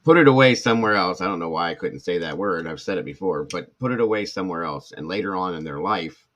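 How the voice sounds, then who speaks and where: A man's voice: sits low, fast talker, a bit bright, lo-fi sound. A middle-aged man, a former firefighter and paramedic, talking candidly to viewers in a rambling way, full of restarts and asides. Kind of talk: casual talk to viewers.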